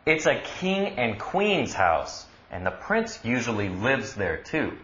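A man teaching English on a radio lesson, explaining words slowly and patiently with lively emphasis. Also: mid-range voice, reverberant, highs cut off, a little hiss or hum.

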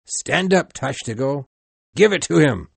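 A man voicing a bold male boat mate who shouts urgent orders to his rowers in an audiobook reading. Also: a little high, lively intonation, unhurried, gravelly, husky, no echo, pitched above the performer's own voice, heavily acted. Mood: shouting orders. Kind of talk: audiobook character voice.

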